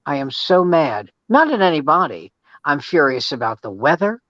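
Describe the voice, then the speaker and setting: An older man, a comedian, telling a story in a loose, profane, animated way during a casual chat. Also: fairly high pitch, moderate pace, dry recording. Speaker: comedian guest. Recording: dull, dry sound.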